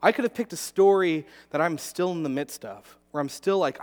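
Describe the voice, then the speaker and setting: A man's voice: on the high side, moderate pace. A male pastor telling a personal story in a sermon, earnest, with frequent restarts and repeated words. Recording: long hall reverb.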